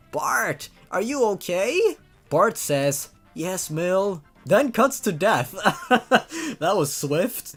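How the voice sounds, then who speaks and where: A man with a fairly high, very lively voice reads bad horror stories aloud and mocks them. His delivery is sarcastic and jokey, and faint music plays underneath. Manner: sarcastic, mocking, breaks into laughter. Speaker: YouTube host reviewing creepypastas. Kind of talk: comedic read-through commentary.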